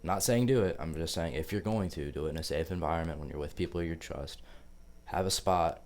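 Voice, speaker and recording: Fairly quick and very deep-voiced, a young man vlogs a story directly to camera, loose and relaxed, swearing frequently and relying on filler words.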